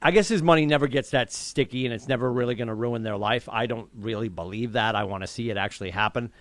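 A man co-hosting a casual sports podcast, ranting in an animated way and laughing as he talks. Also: mid-range voice, quick pace, dry recording. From New England. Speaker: podcast co-host.

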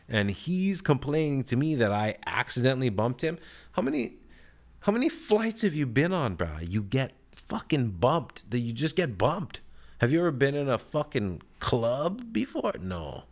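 Low-voiced man ranting heatedly. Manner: profane, heated and rambling; lively swings in pitch and loudness. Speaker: podcast host. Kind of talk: casual storytelling rant.

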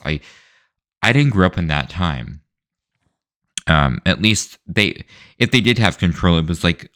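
Man, solo show host, rambling rant, hesitant fillers and restarts, very deep voice, dry close sound. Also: clear, resonant tone, no room sound.

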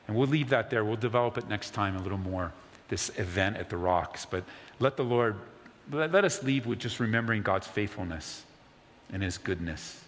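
Male pastor, low voice, earnest sermon, soft near-whisper at times, long reverb, faint room hum. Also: animated, moderate pace.

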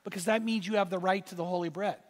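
High-pitched guy preaching, gets excited telling stories, echo from a big hall. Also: fast. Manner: animated storytelling with rising exclamations. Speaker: pastor. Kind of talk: sermon. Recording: reverberant hall sound.

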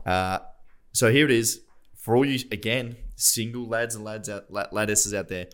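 Rambling young man, low voice. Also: fairly quick. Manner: self-deprecating, rambling with restarts. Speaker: podcast co-host. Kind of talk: casual chat.

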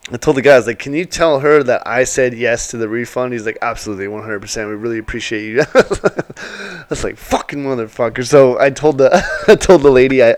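A man's voice: medium pitch, darkish tone, smooth, no room sound. Young guy, plain mid voice, dry sound, swears a lot, rambling storyteller. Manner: profane, rambling, emotional anecdotes. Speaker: Airbnb host, former military. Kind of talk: casual storytelling.

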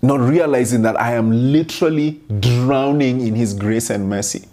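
A man's voice: medium pitch, moderate pace, mellow. A young adult man preaching a sermon, mixing scripture with an earnest personal story and repeating phrases for emphasis.

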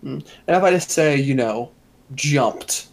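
A man's voice: mid-range voice, expressive, takes it slowly, creaky. Joking man in a game session. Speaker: player. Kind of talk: casual game chat.

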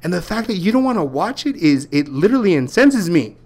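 A man's voice: sits high, very animated, a little fast. Exasperated man who keeps saying bro. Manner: exasperated, emphatic, swears a lot, calls the other "bro". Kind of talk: casual argumentative chat.

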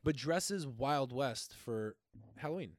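An animated young man co-hosting a podcast, teasing his friend and swearing freely. His pitch jumps around a lot as he talks, and the sound is close and dry. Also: slow pace, dry recording. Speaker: podcast co-host. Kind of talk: casual chat.

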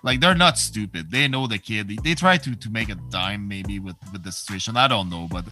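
A man's voice: lowish voice, fairly quick, pushed and bright, soft background music. A man, co-hosting a podcast in casual chat, who laughs a lot and chimes in with short agreements. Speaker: podcast co-host.

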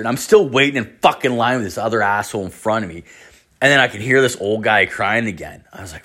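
A man's voice: fairly low pitch, fast talker, bright, forceful tone. Podcast host, man in his 30s, swears constantly, rambles with fillers, casual storyteller. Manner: profane, rambling, full of fillers.

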